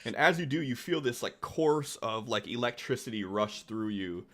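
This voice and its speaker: A man narrating a tabletop game as the game master, in a relaxed way with lots of fillers. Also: medium pitch, normal speed.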